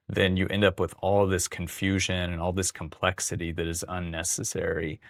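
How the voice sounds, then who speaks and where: A man's voice: deep voice, level tone, normal speed, a bit bright, no echo, clean studio sound. A man casually explaining Greek grammar, thinking aloud with fillers and restarts. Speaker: Greek teacher. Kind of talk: casual teaching monologue.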